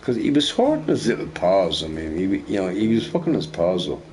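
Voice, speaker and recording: A man with a fairly low voice chats loosely while he plays a game. He rambles and repeats phrases, and he swears casually. He keeps checking in with "you know, right?". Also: very animated, fairly quick, darkish tone, slight background noise. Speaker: gamer recording gameplay. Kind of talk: casual storytelling over gameplay.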